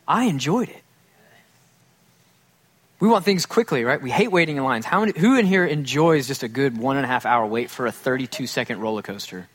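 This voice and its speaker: A man preaches a casual, funny sermon to a congregation, playing out quoted bits as he goes. He's a pastor with a mid-range, animated voice, speaking at a moderate pace with long pauses.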